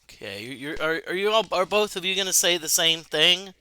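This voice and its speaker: A man's voice: high-pitched, expressive, brisk, pushed and bright, smooth. A man streaming a video game, chatting casually and reading its text aloud. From United States. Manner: talkative, restarts, reads game text aloud.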